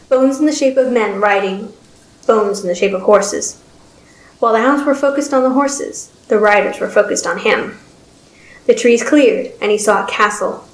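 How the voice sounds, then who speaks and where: Woman, story narration, steady reading, average pitch, echoey room. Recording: roomy echo.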